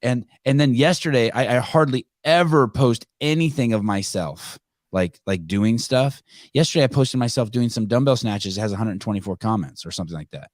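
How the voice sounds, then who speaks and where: A man's voice: mid-range voice, a little fast, dry recording, studio quality. Profane, rambling fifty-something man. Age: 50s. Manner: profane, rambling, with many restarts. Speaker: podcast host. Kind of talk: casual chat.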